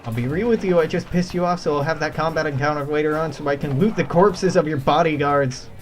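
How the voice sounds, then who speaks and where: A man's voice: a little high, fast, faint music behind. A man streaming a game with casual commentary, crude, joking and sarcastic. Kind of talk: casual let's play commentary.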